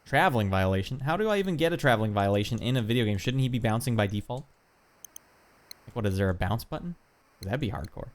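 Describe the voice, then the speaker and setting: Quick-paced and expressive at a medium pitch, a man streams an old basketball video game, complaining about the controls with casual commentary. He's exasperated and wisecracking, and he swears lightly.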